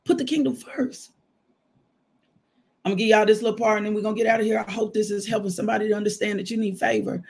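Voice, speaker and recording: A man's voice: high-pitched, rapid-fire, vocal fry, few pauses, slight background noise. A man, preaching a casual devotional and telling his own testimony with laughter. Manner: animated storytelling testimony, frequent laughter. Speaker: minister.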